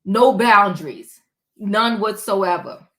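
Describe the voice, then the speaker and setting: A woman giving casual commentary on a reality show, acting out quotes with lively, rising voices. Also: takes it slowly. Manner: animated, acts out quotes with rising pitch. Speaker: reality show recap host.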